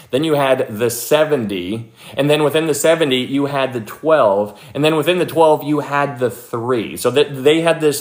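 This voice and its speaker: A young man leading a casual livestream Bible study, chatty and animated, thanking viewers by name and acting out quoted people. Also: medium pitch. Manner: frequent fillers and restarts, thanks viewers by name.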